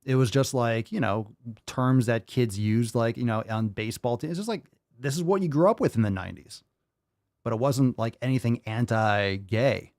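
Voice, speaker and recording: An exasperated male podcast host in his thirties rants casually, cursing freely and circling back over his points. His voice sits at an ordinary middle pitch, and the recording is dry and close. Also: moderate pace, darkish tone, no echo. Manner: profane, exasperated, repetitive. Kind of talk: casual ranting commentary.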